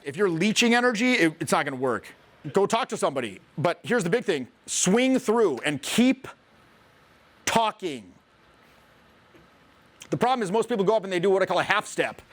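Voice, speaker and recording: A man coaching on social skills in a blunt, profane, fired-up lecture that acts out quick examples. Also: sits high, very animated. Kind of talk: fired-up coaching talk to camera.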